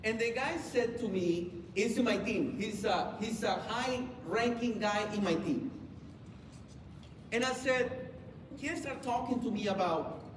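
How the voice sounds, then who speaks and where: High-voiced man lecturing in an echoey hall. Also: a little slow, distant mic, a little hiss or hum. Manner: emphatic, repetitive, quizzes the crowd with call-and-response questions. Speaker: business trainer speaking to an audience. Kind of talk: motivational seminar talk.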